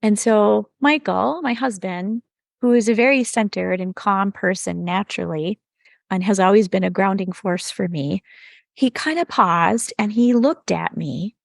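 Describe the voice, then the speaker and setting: A middle-aged woman telling her life story in an earnest, reflective way, her voice carrying a gravelly fry at the edges. The sound is close and dry, with no room around it. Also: medium pitch, a little slow, no room sound. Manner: earnest and reflective, recounting turning points. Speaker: podcast guest, yoga teacher. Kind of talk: personal storytelling.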